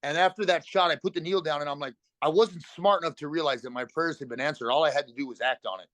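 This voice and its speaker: A middle-aged man telling a raw personal recovery story as a podcast guest, talking fast and bluntly with emotion and free swearing. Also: fairly high pitch, fairly bright tone, dry recording.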